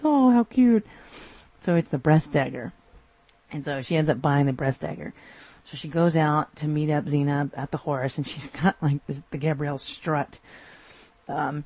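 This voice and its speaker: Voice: medium pitch, warm tone, husky, no room sound. A podcast host recapping TV episodes in a casual, amused way, often acting out the characters' lines.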